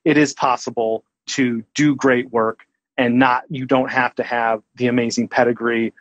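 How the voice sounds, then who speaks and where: A man being interviewed, speaking in a measured, thoughtful way with frequent hesitations. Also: medium pitch, little pitch movement, no room sound, lo-fi sound. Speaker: guest, senior colorist. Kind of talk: casual interview chat.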